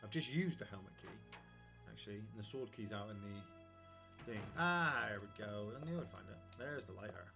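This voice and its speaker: A man's voice: fairly low pitch, expressive, moderate pace, gravelly, over music. A man streaming a video game live, chatting casually and thinking aloud about his next move. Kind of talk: casual live gameplay commentary.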